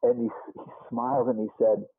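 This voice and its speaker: A man's voice: mid-range voice, level tone, brisk, breathy edge. A man in his sixties with a Boston accent, a musician guest telling rambling stories with lots of restarts and asides in a casual interview. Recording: muffled phone-like band.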